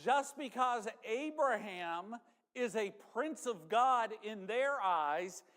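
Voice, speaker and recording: A male pastor preaches in a slow, unhurried way, with folksy asides to his congregation. His voice sits high for a man. The sound rings with the long reverb of a church sanctuary. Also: animated, a bit bright. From northern United States. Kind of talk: sermon.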